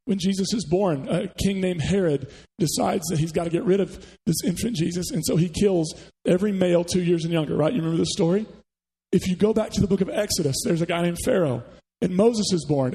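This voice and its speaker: A man's voice: high voice, gravelly, mellow, husky, in a large hall, low-quality recording. A man preaching a sermon to a church congregation, talking conversationally and putting questions to the listeners. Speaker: pastor. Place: church sanctuary.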